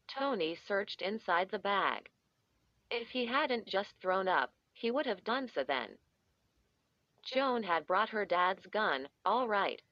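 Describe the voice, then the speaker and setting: A woman narrates a horror story in a slow, measured voice. Her delivery stays even and steady. The recording is dull and lo-fi, close and dry with no room echo. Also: mid-range voice. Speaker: audiobook narrator.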